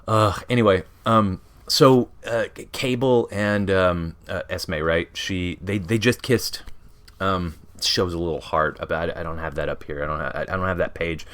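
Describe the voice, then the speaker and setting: A man's voice: low voice, steady tone, normal speed, fairly bright tone, smooth. A man reviewing comic books in a casual vlog, rambling with lots of "you know" fillers and frequent chuckles. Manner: chuckles often while talking.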